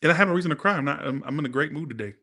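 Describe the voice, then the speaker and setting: A man's voice: on the high side, rapid-fire, pushed and bright. A man doing a casual, chatty live-stream tarot reading, thanking viewers and swearing freely. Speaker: tarot reader.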